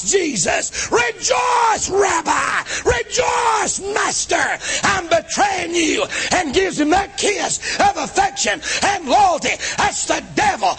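A man preaching a fiery sermon, with rural dialect and a chanting, drawn-out cadence. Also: very high-pitched, fairly bright tone. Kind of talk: shouted revival sermon.

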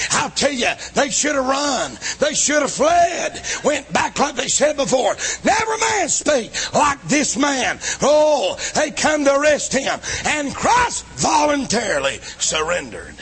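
A man preaching a fiery sermon, with rural dialect and a chanting, drawn-out cadence. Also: very high-pitched, vocal fry, fairly bright tone, slightly rough. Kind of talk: shouted revival sermon.

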